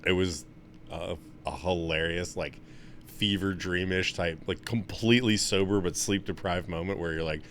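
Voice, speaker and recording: A young man in casual podcast chat, telling stories with lots of swearing and getting loud when he's excited. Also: moderate pace, a little hiss or hum. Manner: animated, swears a lot, gets loud and high when excited. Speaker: podcast co-host.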